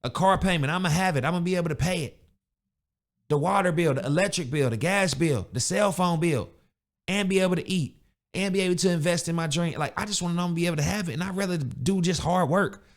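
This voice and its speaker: A young adult man hosting a podcast, ranting bluntly in street slang with casual, animated delivery. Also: sits high, fast talker. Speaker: podcast host. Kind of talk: casual motivational rant.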